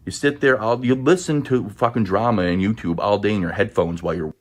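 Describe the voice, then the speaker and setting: Man with a low, husky voice, ranting and profane, accusing rivals. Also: brisk. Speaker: rival streamer in a played clip. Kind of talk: angry rant.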